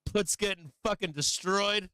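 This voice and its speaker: Brash trading-stream host, a man with a sharp, high voice, swearing freely. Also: a little slow, smooth, no room sound. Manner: brash and profane, laughing often. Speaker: stock market livestream host. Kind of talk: live trading commentary.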